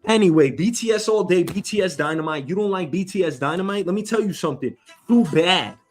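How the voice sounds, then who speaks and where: A man's voice: high-pitched, expressive, brisk. Profane swaggering male show host. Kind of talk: casual news commentary.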